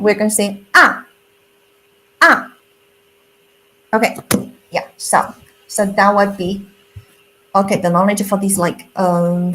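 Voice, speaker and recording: A woman's voice: mid-range voice, poor audio. A woman whose first language is Chinese, teaching a live online beginner class with patience, leaning on "like" and "okay" and singing out tone examples.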